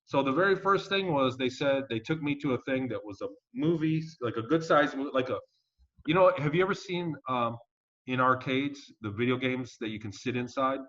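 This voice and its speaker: A man being interviewed as a guest, telling his story in a casual, animated and emphatic way and swearing now and then. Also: medium pitch, fairly quick. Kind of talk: conversational storytelling. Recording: dull lo-fi audio.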